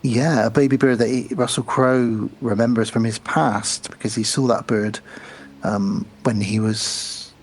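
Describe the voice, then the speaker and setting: A man co-hosting a podcast, recapping a film scene by scene in casual chat and dropping into quick quotes. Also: medium pitch, fairly even intonation, slight background noise, poor audio. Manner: retells scenes with quick acted quotes and laughs. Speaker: podcast co-host.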